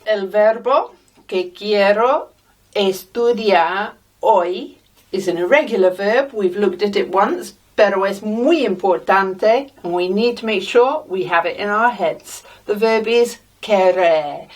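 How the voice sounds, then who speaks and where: A woman's voice: medium pitch, takes it slowly, a little mellow. A woman teaching a language lesson, patiently sounding out each word and repeating example phrases. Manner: patient, carefully sounds out words. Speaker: Spanish teacher. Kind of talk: slow, deliberate language lesson mixing English and Spanish. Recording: voice a little distant from the mic.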